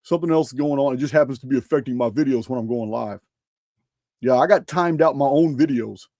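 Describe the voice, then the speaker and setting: A man hosting a casual livestream chat, talking excitedly and often stumbling and repeating his words. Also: medium pitch, brisk, no echo, clean studio sound. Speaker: livestream host.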